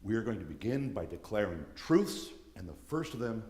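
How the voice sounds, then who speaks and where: Man, low voice, earnest lecturer who restarts phrases; reverberant church hall sound. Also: sing-song, moderate pace, darkish tone.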